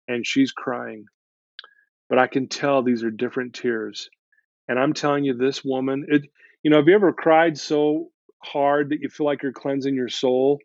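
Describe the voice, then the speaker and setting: A man's voice: mid-range voice, darkish tone, no echo. A man earnestly retelling a counseling conversation, often restarting his sentences. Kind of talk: storytelling in conversation. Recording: dull lo-fi dry sound.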